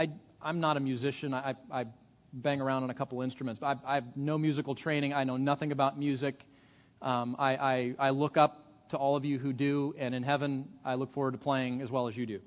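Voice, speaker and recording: A man's voice: medium pitch, long reverb tail, dull audio. A man preaching a sermon as pastor, earnest, often repeating words as he starts a sentence.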